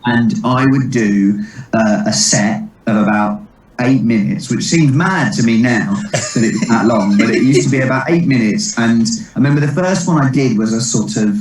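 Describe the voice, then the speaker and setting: A man, a comedian telling rambling stories in a relaxed interview, quick to laugh. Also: mid-range voice, a little hiss or hum. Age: 30s. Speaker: comedian and impressionist guest. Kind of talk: casual interview chat. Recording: echoey distant mic.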